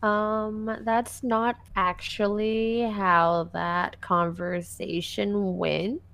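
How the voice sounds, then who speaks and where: A woman's voice: mid-range voice, flat delivery, very slow, creaky, a bit bright, smooth. A woman chatting casually on a voice call, wry and laid-back, swearing easily. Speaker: guest, joking co-host. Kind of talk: casual chat. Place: home, on a voice call.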